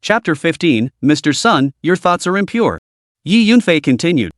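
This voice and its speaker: A man telling a comic recap story at a brisk clip. His voice is on the high side and moves lively up and down, recorded dry and close with no room sound. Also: no room sound. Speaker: narrator. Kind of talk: web comic recap narration.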